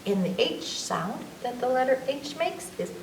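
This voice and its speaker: A woman's voice: sits high, moderate pace. Librarian lady reading abc rhymes to kids, bouncy up and down voice, faint hum behind. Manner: lively, teacherly, stretching letter sounds. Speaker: children's librarian reading aloud. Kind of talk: slow, sing-song children's story time. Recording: echoey room, mic at a distance, faint background hum.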